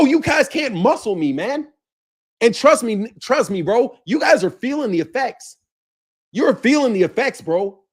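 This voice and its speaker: A man hosting a boxing channel, ranting in heated, profane, confrontational bursts and repeating himself as he calls someone out. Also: very high-pitched. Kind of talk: ranting commentary to camera.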